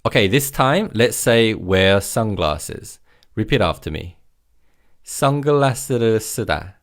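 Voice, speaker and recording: A man teaching vocabulary in a recorded language lesson, encouraging and repeating each word slowly for learners to follow. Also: fairly low pitch, lively intonation.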